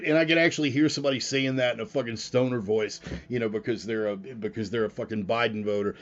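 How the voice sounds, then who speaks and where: A man's voice: mid-range voice, quick pace, hardly any pauses, lo-fi sound. A man hosting a casual live show, talking bluntly and rambling, with frequent profanity. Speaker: podcast host. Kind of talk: casual livestream talk.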